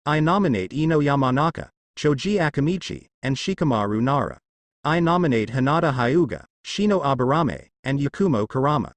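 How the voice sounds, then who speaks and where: Man voicing a cold scheming old elder for a storybook reading, serious and sneering, lively pitch, dry close sound. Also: brisk, no echo, lightly acted.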